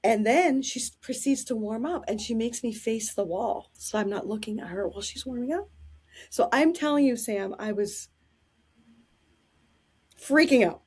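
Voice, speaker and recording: Casting: woman with a slightly husky, raised pitch, lively interview storyteller who laughs easily. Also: normal speed. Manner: animated, laughing while telling anecdotes.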